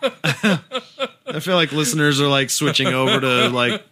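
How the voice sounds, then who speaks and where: A man's voice: a little high, very animated, a little slow, sharp tone. A man from the States co-hosting a comedy podcast, swearing, laughing and exclaiming through casual banter. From United States. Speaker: podcast co-host.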